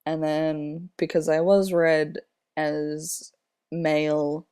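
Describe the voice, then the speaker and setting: A young man in his twenties with a slightly airy voice, talking casually in a personal vlog, unhurried and rambling with many fillers. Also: fairly high pitch, flat delivery, a little mellow, smooth. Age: 20s. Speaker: vlogger.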